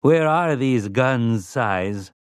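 A man's voice: mid-range voice, lively intonation, very slow, clear, resonant tone, no echo, studio quality. A man voicing a smug, overly polite male robot servant who speaks in formal, courtly phrasing. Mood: smug politeness.

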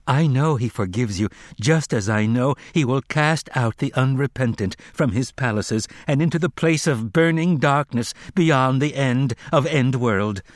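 A man voicing a fierce preacher woman who questions and exhorts a congregation in a slow, hammering cadence. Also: mid-range voice, dry recording, studio quality, close to an everyday voice. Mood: commanding. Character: fierce commanding preacher woman, cold and gentle.

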